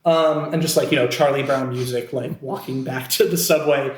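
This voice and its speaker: In a roomy, echoey recording with a little hiss or hum, a man guesting on a podcast tells a story at normal speed in a medium pitch with fairly even intonation. He's an actor from Scranton, Pennsylvania, USA, and his casual telling is chatty and self-deprecating, packed with fillers and restarts.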